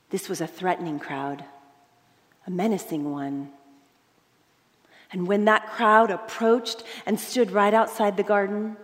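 A woman preaching a sermon, telling the story dramatically, dropping to hushed tones and then rising for emphasis. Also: medium pitch, big-room sound.

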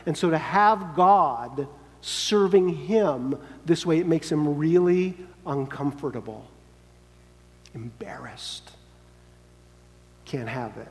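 A man's voice: on the high side, lively intonation, slow pace, long pauses. A man preaching a sermon in an earnest, emphatic way, sometimes acting out quoted lines. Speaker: pastor. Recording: long hall reverb.

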